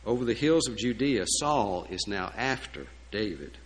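A man's voice: lowish voice, expressive, moderate pace, rough recording. A man preaching a sermon in a folksy, emphatic way, with asides and fillers. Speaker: pastor.

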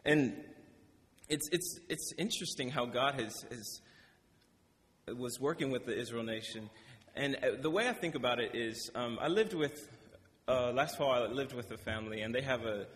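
A young male preacher with a medium-pitched, fairly bright voice speaks at a normal speed, giving an informal sermon in a hall with long reverb. He reads scripture, then tells stories in a casual, rambling way, often correcting himself and laughing between points.

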